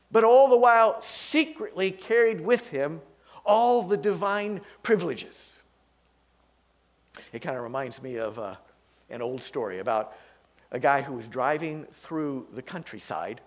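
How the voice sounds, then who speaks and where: A male pastor preaching a sermon in an animated way, with a story-telling swing. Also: a little high.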